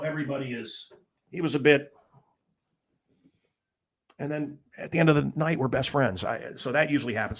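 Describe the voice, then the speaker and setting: A man's voice: mid-range voice, a bit bright. A middle-aged man, a radio host, telling rambling celebrity stories in blunt, profane casual talk. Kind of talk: casual storytelling monologue.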